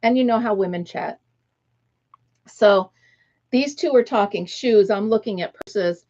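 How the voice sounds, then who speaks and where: A woman's voice: mid-range voice, measured pace, darkish tone, lo-fi sound. A middle-aged woman from the United States hosting a casual livestream chat, talking easily, laughing often and greeting viewers by name. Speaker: livestream host.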